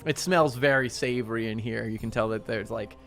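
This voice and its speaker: A man running a tabletop game, describing the scene in a loose, offhand way. His voice sits at a middling pitch, and faint music plays behind him. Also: a little fast, creaky, a bit bright. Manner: loose, casual, with many fillers. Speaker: game master.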